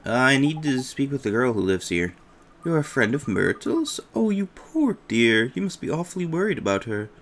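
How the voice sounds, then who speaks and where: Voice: medium pitch, sing-song, normal speed. A game player voicing a chatty, gossipy old woman neighbor who fusses sympathetically, reading game dialogue aloud.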